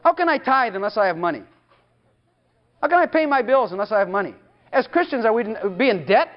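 High-pitched man preaching with lively swings. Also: a little fast. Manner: emphatic, rhetorical questions, acts out God's voice. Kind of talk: sermon. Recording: dull lo-fi recording.

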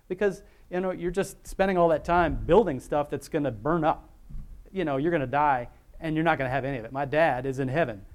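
A man preaching an informal sermon in a rambling, conversational way, often chuckling as he talks. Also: on the high side.

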